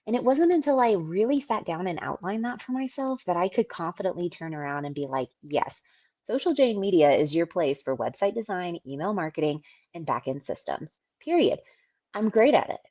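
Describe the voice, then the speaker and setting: A woman's voice: medium pitch, a little mellow. A woman hosting her own podcast, talking candidly and casually about running a business, swearing and laughing now and then. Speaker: podcast host, business owner. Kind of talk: casual solo podcast talk.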